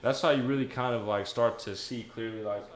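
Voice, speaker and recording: A man's voice: medium pitch, steady tone, a little fast. A man hosting a podcast, talking in a laid-back, reflective, easygoing casual chat. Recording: roomy room.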